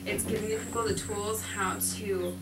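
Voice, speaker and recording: A woman's voice: medium pitch, steady tone, normal speed. A woman guest in a casual interview, earnest and laughing often, with many fillers. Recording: echoey, distant, loud noise.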